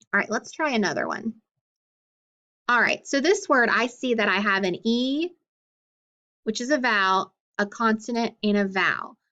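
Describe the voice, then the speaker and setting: A woman's voice: on the high side, fairly bright tone, muffled recording. A woman teacher giving a phonics lesson to young students, patient and questioning as she sounds out words.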